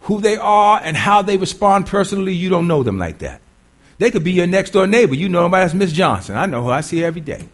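High, animated male preacher questioning listeners. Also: fast. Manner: conversational, quizzes the congregation, repeats himself. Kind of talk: sermon.

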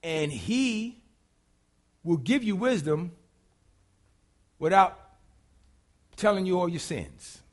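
A high-pitched man preaches with lively, playful energy, slipping into little acted-out voices for the people in his stories. His delivery is colloquial and humorous, with quick asides to his listeners. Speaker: pastor. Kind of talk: sermon.

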